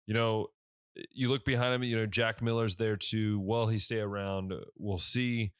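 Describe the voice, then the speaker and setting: A man's voice: fairly low pitch, little pitch movement, moderate pace, clear, resonant tone, no echo, studio quality. A sleepy young man hosting a casual sports podcast on his own, yawning and rambling through his thoughts with lots of fillers and restarts. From Ohio. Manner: rambling, self-correcting, many fillers. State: tired, yawning. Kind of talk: casual solo podcast talk.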